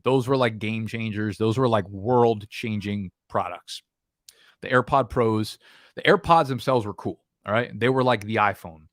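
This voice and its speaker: A man's voice: medium pitch, fairly bright tone, no echo, clean studio sound. A man with a New Jersey or New York accent hosting a fantasy football live stream, talking casually in a profane, emphatic, rambling way.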